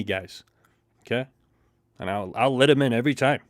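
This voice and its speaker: A man's voice: medium pitch, moderate pace, no room sound, studio quality. A man hosting a casual trading livestream, reading out chat and swearing often. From Scotland. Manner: excitable, swears a lot, reads chat aloud. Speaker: livestream host.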